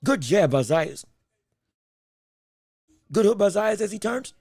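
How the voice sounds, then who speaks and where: Close on a dry microphone, a very high-pitched man with a breathy edge calls a boxing match live for his podcast. He's got hiccups, reacts quickly and excitedly to the exchanges, and frequently corrects himself as the action moves on.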